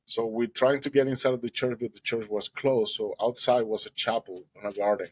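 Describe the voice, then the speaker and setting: Husky man telling a personal testimony. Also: medium pitch, steady tone, fairly quick, no room sound, low-quality recording. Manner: emotional storytelling, acts out quoted dialogue, non-native grammar. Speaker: guest telling his own story.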